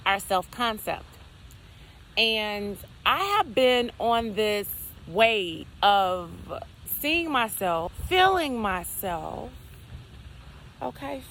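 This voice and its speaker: A woman's voice: medium pitch, fairly bright tone, a little hiss or hum. A woman giving a casual spiritual talk outdoors, repeating affirmations and asking herself rhetorical what-if questions. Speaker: spiritual content creator. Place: outdoors, near geese and trees.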